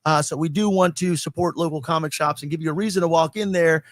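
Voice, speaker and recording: Male podcast host, slightly high voice, dry close sound, casual chat, laughs a lot, swears. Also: steady tone, quick pace, no room sound. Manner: laughs often, rambling and profane.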